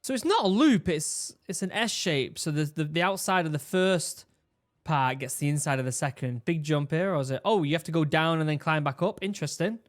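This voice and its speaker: A man gives excited, casual commentary on a training course video, full of exclamations and restarts. His voice sits slightly high for a man. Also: a little fast. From England. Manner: animated, exclaiming, with repeated restarts. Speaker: reaction video host, former Royal Marine.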